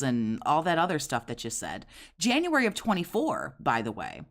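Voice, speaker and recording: A woman's voice: sits low, huge pitch swings, normal speed, a bit bright. A woman in her forties giving crude, sarcastic, scornful commentary over clips. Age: 40s.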